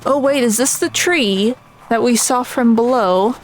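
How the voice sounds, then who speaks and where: A woman's voice: fairly high pitch, unhurried, slight background noise. Woman streamer reading game text aloud. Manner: reads on-screen text aloud, stumbles over names. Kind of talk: casual gameplay commentary.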